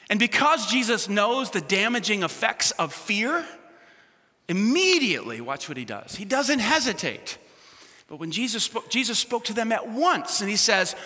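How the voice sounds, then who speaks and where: Animated high-voiced pastor preaching. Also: male voice. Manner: dramatic swings from shouting to hushed near-whispers; asks the congregation questions and calls for responses. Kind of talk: sermon. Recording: long reverb of a big hall.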